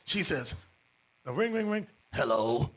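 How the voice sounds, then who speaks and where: A man teaching as bishop, telling stories to a class and swinging into loud, shouted points. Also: a little high, sing-song, normal speed. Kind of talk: animated class sermon.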